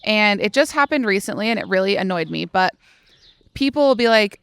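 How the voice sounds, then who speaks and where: A woman's voice: medium pitch, expressive, brisk, fairly bright tone, clear, resonant tone. Chatty young woman podcast co-host. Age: 20s. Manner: chatty, many "like" fillers, acts out others' lines. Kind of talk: casual podcast chat.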